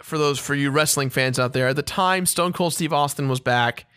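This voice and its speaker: Man, twenties, let's play host, bright tone, laughing, swearing, casual storytelling. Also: mid-range voice, moderate pace, clear, resonant tone. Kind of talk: casual storytelling over gameplay.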